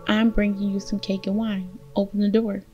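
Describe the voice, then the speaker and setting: A woman's voice: medium pitch, flat delivery, normal speed, warm tone, dull audio, faint music behind, lightly acted. A woman voicing an innocent, trusting young girl in a read-aloud fairy tale. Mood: wondering.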